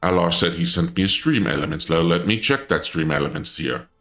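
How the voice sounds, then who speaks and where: A man chats on a livestream in the guise of a dark lord. His voice sits on the low side but has a bright, forceful edge. He sounds flustered and indignant, stammering through restarts and jumping into high-pitched outbursts, with faint music behind him. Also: brisk. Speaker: streamer. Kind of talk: casual livestream chat in a dark lord persona.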